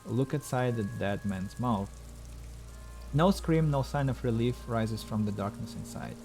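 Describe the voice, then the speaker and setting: A man's voice: medium pitch, a little slow, darkish tone, soft background music. A male streamer reading a video game's text aloud, with wry asides between the lines.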